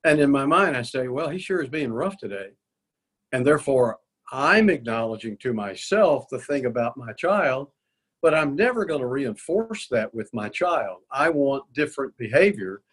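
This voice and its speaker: A man's voice: mid-range voice, animated, moderate pace, a bit bright, breathy edge, low-quality recording. A man speaking as a guest on a faith-based parenting show, earnest and quoting scripture.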